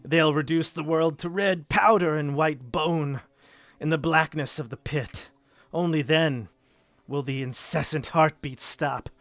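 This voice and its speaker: A man's voice: fairly high pitch, measured pace, dry recording. A man playing a raving mad young count. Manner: raving, shouting, manic. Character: mad young male count obsessed with heartbeats and worms.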